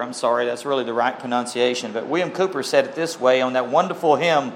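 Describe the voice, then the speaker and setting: A man preaching a sermon in a slow, earnest, heartfelt way, with emphatic rises and an occasional cleared throat. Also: mid-range voice, slight background noise. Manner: clears throat now and then.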